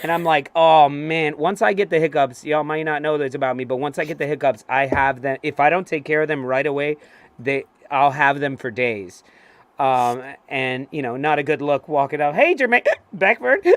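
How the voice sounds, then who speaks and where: A man co-hosting a casual fan talk show, telling stories excitedly, swearing freely and acting out what people said. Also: fairly high pitch, moderate pace, no room sound. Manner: excitable, swears freely, acts out quoted voices. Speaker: co-host. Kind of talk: casual chat, animated storytelling.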